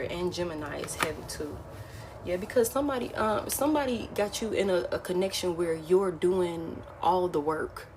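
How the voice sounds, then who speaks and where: A lowish, darkish female voice with a little hiss or hum does a casual tarot reading, bluntly repeating key phrases and calling the listener "baby."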